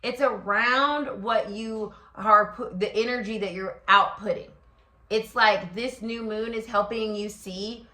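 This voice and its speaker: A woman gives a solo tarot reading in a bright, forward voice. She talks freely with plenty of fillers and slips into acted-out inner voices. The recording carries a noticeable echo from the room. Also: medium pitch, a little slow. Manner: expressive, many fillers, acts out inner voices. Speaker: tarot reader and astrology host.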